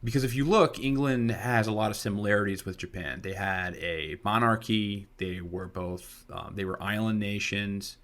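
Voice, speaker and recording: A man's voice: on the low side, steady tone, normal speed, few pauses, a bit bright. A young man co-hosting a history podcast, chatting casually and drifting into rambling side stories. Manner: rambling storyteller who digresses. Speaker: podcast co-host. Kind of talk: casual chat.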